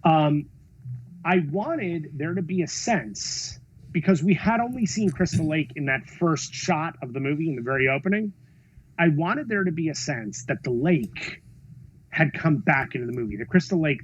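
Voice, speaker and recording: A film director, a man, telling stories in a podcast interview, expressive, acting out quotes and swearing freely. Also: fairly high pitch, normal speed, breathy edge, dull audio. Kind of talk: animated storytelling in a podcast interview.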